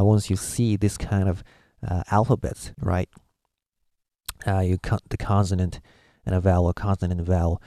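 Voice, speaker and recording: A man teaching a video lesson, explaining patiently with many halting pauses. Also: fairly low pitch, mellow, dry recording, clean studio sound. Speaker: language teacher.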